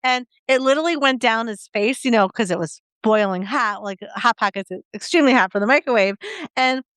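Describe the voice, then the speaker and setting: A woman's voice: a little high, a little fast, a bit bright, clean tone, dry recording, studio quality. A middle-aged woman co-hosting a podcast, chatting with enthusiasm and laughing often. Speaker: podcast co-host. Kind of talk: casual chat.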